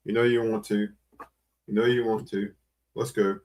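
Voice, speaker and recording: A man's voice: lowish voice, little pitch movement, normal speed, darkish tone. A man hosting a live online auction, repeating bids and coaxing buyers with auctioneer patter. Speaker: livestream auction host.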